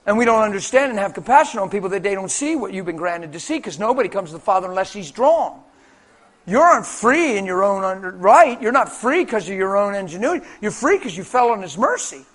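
A man with a rather high voice preaching to a congregation. His sermon is animated and colloquial, full of storytelling. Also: fairly quick.

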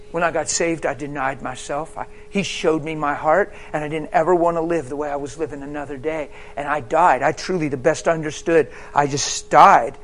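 A man preaching a sermon as personal testimony, telling his story emphatically and swinging between hushed and loud. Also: a little high, a little hiss or hum.

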